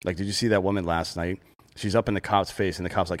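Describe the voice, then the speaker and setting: A man's voice: sits low, steady tone. A man co-hosting a casual chat, blunt and profane, ranting at speed. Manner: blunt, profane, rapid rants.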